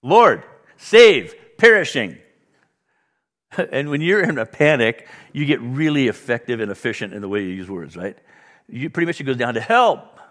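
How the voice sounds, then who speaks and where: A man's voice: medium pitch, fast talker, big-room sound. A male pastor preaching a sermon, talking conversationally and telling stories to the congregation. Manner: conversational, animated storytelling with asides to the congregation.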